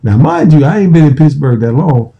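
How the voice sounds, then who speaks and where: Man in his fifties, american, former football player, casual profane storytelling, very dark voice. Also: on the high side, big pitch swings, a little fast, gravelly, lo-fi sound. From United States. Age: 50s. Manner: profane, repetitive, restarting phrases.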